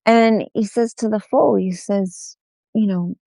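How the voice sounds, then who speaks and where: A woman telling a folk tale aloud, unhurried, repeating phrases in an oral style. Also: mid-range voice, vocal fry, dark tone, no echo. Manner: unhurried, with many repetitions. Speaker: storyteller.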